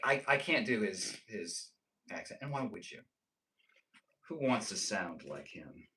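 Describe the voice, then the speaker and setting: A man's voice: on the low side, lively intonation, unhurried, a bit bright, rough recording. A young man live-streaming, casually joking and teasing as he reads and answers his chat.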